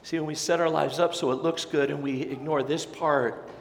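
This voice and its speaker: Male pastor, fairly high voice, animated and fired-up preaching, recorded in a large reverberant sanctuary. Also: moderate pace. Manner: animated, acts out voices of listeners; energetic, fired up. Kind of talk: sermon. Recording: echoey sanctuary with long reverb.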